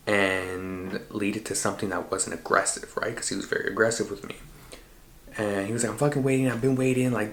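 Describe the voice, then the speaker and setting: A man hosting a podcast, recounting a dream in an animated, slangy and profane way. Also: deep voice, slight background noise. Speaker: podcast host. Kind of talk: casual storytelling. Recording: roomy echo.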